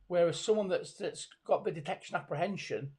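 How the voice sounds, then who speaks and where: A man's voice: sits high, fairly quick, dark tone, husky. A middle-aged man from the UK, a body language expert speaking as a guest on a video call, with many fillers and restarts. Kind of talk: conversational video call interview. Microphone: video call webcam.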